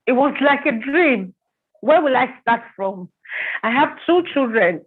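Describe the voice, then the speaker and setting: A higher-pitched woman gives an emotional personal testimony, halting and repeating herself as feeling rises. Her voice comes through thin and phone-like. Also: animated, slightly rough. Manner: halting, repeats words when upset. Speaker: interview guest. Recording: tinny phone-like line.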